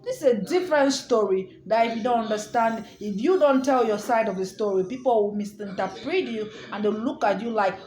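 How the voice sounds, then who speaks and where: A woman's voice: a little high, moderate pace, hardly any pauses, a little mellow, a little hiss or hum. Emphatic woman telling her story in an echoey room. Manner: emphatic, repeats herself, defiant asides. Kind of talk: emotional personal storytelling.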